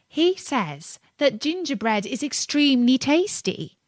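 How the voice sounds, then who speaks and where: A woman reading a storybook aloud, gentle and expressive, then sharing her own thoughts with a listener. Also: sits high, a little slow, no echo, studio quality.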